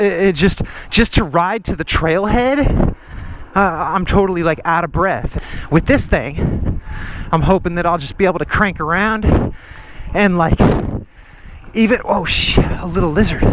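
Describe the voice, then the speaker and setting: Out-of-breath man, slightly high voice, slangy rambling vlog talk, outdoors on a trail. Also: unhurried, background noise. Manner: slangy and rambling, says dude and freaking. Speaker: vlogger. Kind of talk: casual vlog talk while riding.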